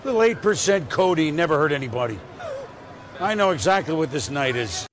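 A man doing an impression of a boisterous middle-aged sportscaster, gruff and sing-song, with faint background noise. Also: fairly high pitch, expressive, fairly quick, natural voice. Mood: booming.

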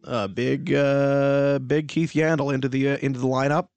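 Slightly hoarse radio host. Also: male voice, medium pitch, little pitch movement, moderate pace, darkish tone, no room sound. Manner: chatty, rattles off scores and stats. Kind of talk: casual radio banter and hockey recap.

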